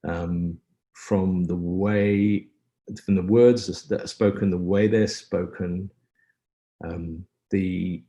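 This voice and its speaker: Deep-voiced, wry male film composer. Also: mellow. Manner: reflective, wry and self-deprecating. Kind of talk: webinar Q&A talk. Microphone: video call.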